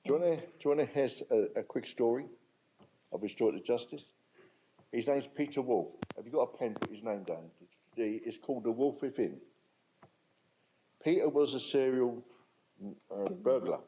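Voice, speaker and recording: A man's voice: medium pitch, expressive, moderate pace, long pauses, warm tone, low-quality recording. An older man with a London accent, telling stories at a public talk in a chatty way and asking the audience questions. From England. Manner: chatty, asks the audience questions, repeats for emphasis. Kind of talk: conversational storytelling to an audience.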